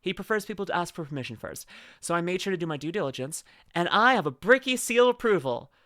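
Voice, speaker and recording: A woman's voice: on the low side, lively intonation, fast talker, fairly bright tone, no room sound, clean studio sound. A young adult woman streamer chatting casually and playfully, often laughing as she reads chat aloud. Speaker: VTuber streamer.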